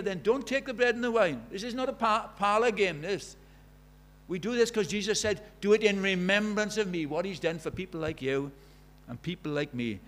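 A man's voice: high voice, fairly bright tone. A man preaching a sermon, asking rhetorical questions with emphasis.

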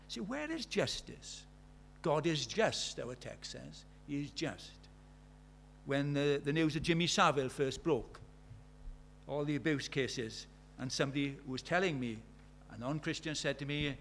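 There's a little hiss or hum as a middle-aged British preacher, his voice a little high, bright and expressive, gives a sermon at a moderate pace and slightly raised volume. Through storytelling he acts out the people involved, then pushes his listeners with rhetorical questions.

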